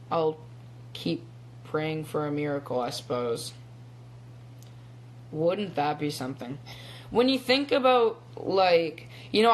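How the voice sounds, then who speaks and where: Live-streaming from his phone, this young actor in his teens has a high voice and talks casually. His rambling chat is full of ums and little laughs over a bit of background noise.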